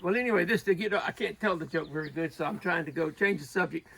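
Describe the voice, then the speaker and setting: A man telling a long, rambling joke in a halting way, often restarting and laughing at himself. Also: a little high, creaky, fairly bright tone, breathy edge, low-quality recording.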